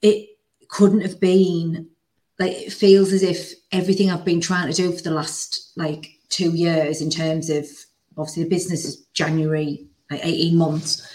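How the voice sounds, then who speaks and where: A woman hosting a podcast, telling a story in an animated, casual way with plenty of "like" and the odd swear word. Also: lowish voice, moderate pace. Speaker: podcast host. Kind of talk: casual chat.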